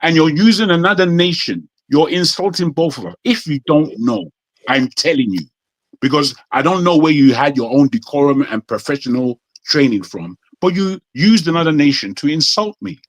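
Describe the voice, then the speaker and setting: A Nigerian man with a British accent, appearing as a panel guest in a heated debate, speaks with indignant insistence and repeats himself for emphasis. His voice is on the high side with lively intonation, at a normal speed and with no echo.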